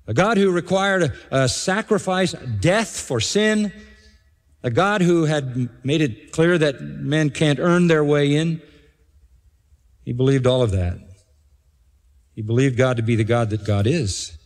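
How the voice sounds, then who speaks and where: Man preaching in a reverberant hall. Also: fairly high pitch. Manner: emphatic, repeats key phrases, slows for stress. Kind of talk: expository sermon.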